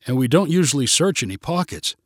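A man voicing a calm, matter-of-fact female store manager in a read-aloud story. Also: on the high side, a little fast, dry recording, studio quality.

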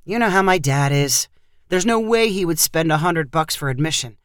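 A woman narrator voicing a tired father who sounds strained and defensive, in a storybook reading with a low voice. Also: animated, moderate pace, no room sound, clean studio sound.

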